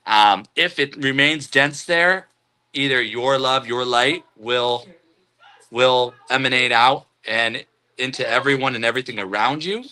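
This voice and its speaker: Bright-voiced man hosting a live stream. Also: medium pitch. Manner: laid-back, spiritual musing, chuckles often. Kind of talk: casual live stream chat, reading comments.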